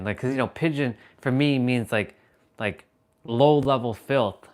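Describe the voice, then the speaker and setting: Casual, animated man telling a story. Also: mid-range voice, measured pace. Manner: animated storytelling, swearing, laughing. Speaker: livestream host. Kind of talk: casual livestream chat.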